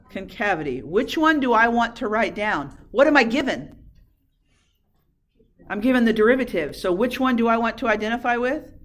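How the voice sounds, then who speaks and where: A woman math teacher lecturing a class in a classroom, asking questions and answering them herself. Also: medium pitch.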